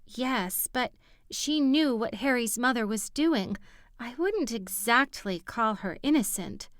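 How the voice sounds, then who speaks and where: A woman's voice: on the high side, expressive, slow, a bit bright, dry recording, clean studio sound, voice pushed up. A woman doing a tired, frank young heroine. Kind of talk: audiobook character voice.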